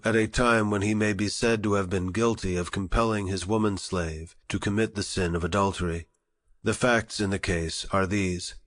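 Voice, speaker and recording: A man narrating an audiobook in a measured, formal reading style. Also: on the low side. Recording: long reverberant echo.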